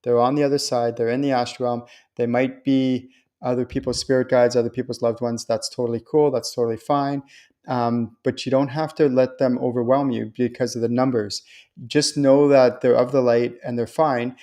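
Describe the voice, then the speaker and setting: A man's voice: medium pitch, moderate pace. Chatty reassuring man hosting a live stream. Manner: chatty and reassuring, with animated quoted voices. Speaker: host and spiritual channeler. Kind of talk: live-stream talk answering viewer questions.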